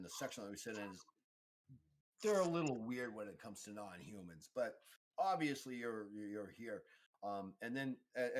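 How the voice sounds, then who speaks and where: A man's voice: lowish voice, a little hiss or hum. Man narrating a tabletop game. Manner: relaxed, rambling, frequent restarts. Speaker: game master.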